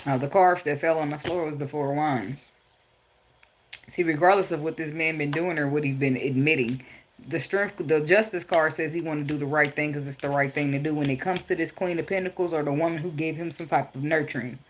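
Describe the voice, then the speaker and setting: A woman's voice: low-pitched, a little fast, lo-fi sound, slight background noise. A woman, talking bluntly and profanely about parenting while giving a casual tarot reading. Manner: blunt, profane, laughing, animated storytelling. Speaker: tarot reader. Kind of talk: casual spiritual advice vlog.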